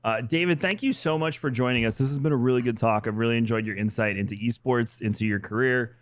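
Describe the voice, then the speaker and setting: Man telling a swearing, animated story. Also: medium pitch, quick pace, dry recording. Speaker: podcast co-host. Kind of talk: casual storytelling chat.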